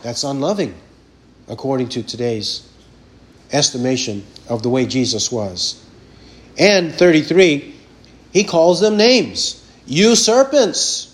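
A man preaching an expository sermon, emphatic and deliberate, firing rhetorical questions at his listeners. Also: medium pitch, animated.

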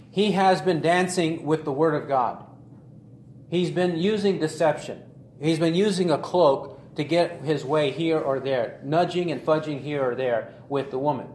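A man preaching an expository sermon, deliberate and emphatic, repeating key phrases for stress. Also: on the high side. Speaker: pastor. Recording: echoey room with faint ambient noise.

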